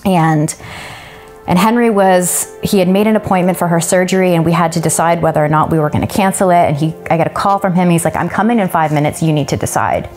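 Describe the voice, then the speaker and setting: A woman's voice: fairly low pitch, steady tone, fast, a little mellow, soft background music. A woman, telling a personal testimony in an earnest, emotional way. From Canada. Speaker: church member giving a testimony.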